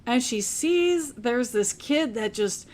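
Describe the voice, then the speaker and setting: A woman's voice: on the high side, animated, slow pace. A woman casually recapping a book on a podcast, chatty and laughing often. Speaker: podcast co-host.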